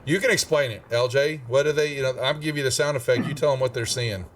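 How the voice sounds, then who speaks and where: A man's voice: medium pitch, fast talker, slight background noise. A man acting as dungeon master in a live tabletop game, talking loosely with many fillers and restarts. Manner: relaxed, rambling, lots of fillers. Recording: distant mic with music behind.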